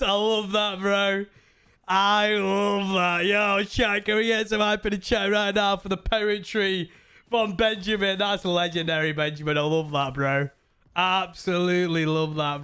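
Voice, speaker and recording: A man's voice: high voice, steady tone, a little slow, pushed and bright, smooth. A man streaming a game, chatting to his viewers in a rambling way and laughing as he tells stories. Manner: rambling, laughing storyteller talking to chat. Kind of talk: casual live-stream chat.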